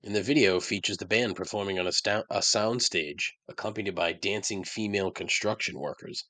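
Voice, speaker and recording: A man's voice: lowish voice, fairly quick, sharp tone, dry recording. A man hosting his own podcast, ranting about songs he hates with sarcasm and frequent swearing. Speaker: podcast host. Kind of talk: casual monologue.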